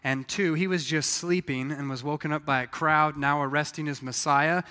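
Bright-voiced preaching man in a hall. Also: fairly high pitch, normal speed, clean tone. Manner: animated storytelling, acting out quoted voices. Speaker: pastor. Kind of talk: sermon.

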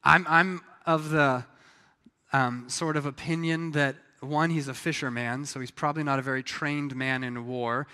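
A man preaching a sermon, telling the story in a lively way and acting out the voices of the people in it. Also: a little high, normal speed, clear, resonant tone, big-room sound. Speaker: pastor.

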